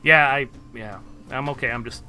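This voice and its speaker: A man's voice: mid-range voice, moderate pace, pushed and bright, faint music behind. A man playing a tabletop game, hesitantly describing his character's actions aloud. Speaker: player. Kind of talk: casual in-character tabletop play.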